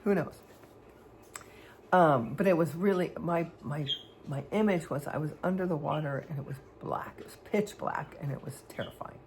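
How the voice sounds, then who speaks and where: Woman vlogger, creaky low register, hesitant and meandering, personal stories. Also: moderate pace, a little mellow, slight background noise. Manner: rambling, hesitant, with many fillers and restarts. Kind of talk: candid personal storytelling.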